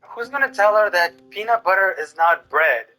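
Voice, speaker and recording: A man's voice: high voice, animated, moderate pace, bright, forceful tone, faint music behind, rough recording. A man hosting a reaction video, giving sarcastic, mocking commentary on clips.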